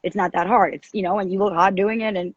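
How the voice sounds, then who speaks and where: Raspy deep-voiced woman rambling. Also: quick pace, dry recording, highs cut off. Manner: rambling, animated, self-interrupting. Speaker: podcast co-host and astrologer. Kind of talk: casual spiritual chat. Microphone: video call.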